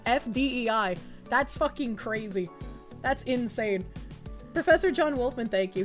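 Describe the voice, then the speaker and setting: A young woman streamer chatting casually and crudely with her chat, reading donations and laughing often, her voice jumping up loud and high.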